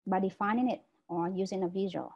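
A woman's voice: medium pitch, brisk, gravelly, a little mellow, dull audio. A woman giving an online lecture as a teacher trainer over a video call, explaining step by step and often checking understanding with "right?".

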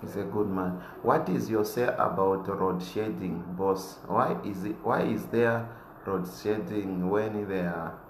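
Guy reading comments live, laughs easy, gets loud n fired up, echoey room. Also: deep voice, fairly even intonation, measured pace, slight background noise. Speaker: aspiring politician answering viewer comments.

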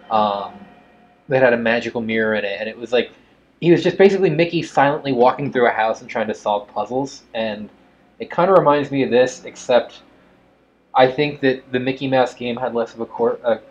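A man teasing and joking as he plays through a game, reading its text aloud. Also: medium pitch. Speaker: co-player in a let's play. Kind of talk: casual gameplay chat. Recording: dull lo-fi audio.

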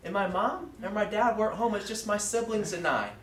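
A young man giving a student sermon in a classroom. He tells a childhood story earnestly, with frequent fillers and pauses. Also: high-pitched, fairly bright tone, a little hiss or hum. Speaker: student preacher. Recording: roomy echo from far off.

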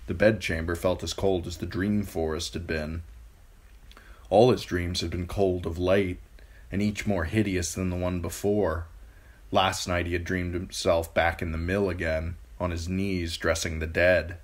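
A man with a very deep, low voice reads a fantasy novel aloud. He narrates as an amateur audiobook reader, taking the text slowly and deliberately. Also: little pitch movement.

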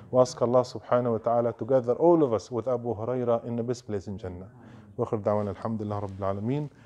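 Animated man telling a mosque story. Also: mid-range voice. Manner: animated storytelling, acts out quoted voices, frequent Arabic phrases. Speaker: imam giving a short evening reminder. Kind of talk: storytelling sermon.

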